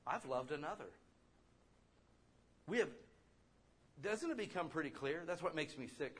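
A male pastor speaks at normal speed in a fairly high voice, with slight background noise behind him. He preaches in a lively, conversational style and throws rhetorical questions at the congregation.

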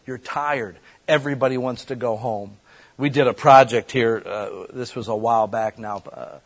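A man preaching a sermon in a conversational way, breaking into quick acted-out voices. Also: mid-range voice, husky. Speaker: pastor.

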